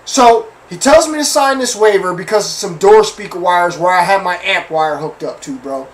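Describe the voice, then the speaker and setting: Sitting high in pitch and speaking at a normal speed, a man hosts his own show through a distant mic and low-quality audio. His casual rant about his life is animated and full of swearing, with repeated phrases and constant appeals for the audience's agreement.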